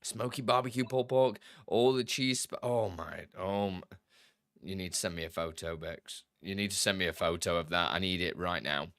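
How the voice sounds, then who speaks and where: Chatty low-voiced man streaming live. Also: normal speed, a bit bright, smooth, no room sound, studio quality. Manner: chatty, greets viewers by name, laughs easily. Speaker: live streamer answering tech questions. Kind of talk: casual live-stream chat.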